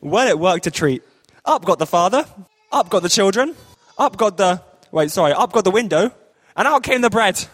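A man's voice: sits high, animated, moderate pace, a bit bright. A man telling a children's story in church, playful with jokey asides. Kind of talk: lively read-aloud storytelling.

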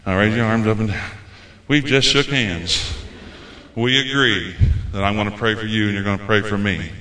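A man preaching a folksy, animated sermon as a visiting preacher. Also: lowish voice, normal speed. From United States. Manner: folksy, animated, acts out quoted voices. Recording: echoey room.

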